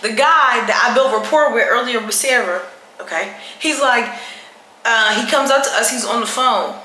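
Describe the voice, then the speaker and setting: A woman vlogger telling a travel story in a casual, animated way, talking to camera during her night routine. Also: fairly high pitch, normal speed. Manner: animated, chatty, with dramatic retelling. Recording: echoey room with faint background noise.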